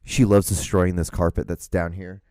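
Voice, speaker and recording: Dark-voiced man rambling casually at home. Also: deep voice, flat delivery, moderate pace, no echo, studio quality. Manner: rambling, profane, frequent restarts and fillers; gushing affection for his dog. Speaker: podcast host.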